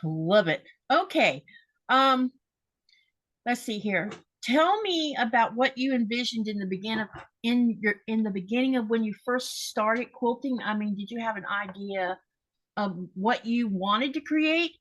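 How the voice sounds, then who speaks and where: A middle-aged woman hosting a podcast, asking interview questions in a relaxed, conversational way. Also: a little high, unhurried. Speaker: podcast host.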